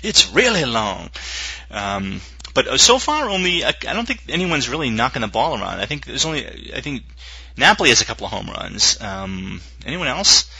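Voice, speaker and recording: A man with a gravelly, husky voice that still sounds sharp and forceful, talking fast and loose as a podcast co-host. He jokes loudly and trips over his words, stammering through restarts. The audio is dull and lo-fi. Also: medium pitch, no room sound. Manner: excitable, loud joking, stammering restarts. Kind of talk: casual chat.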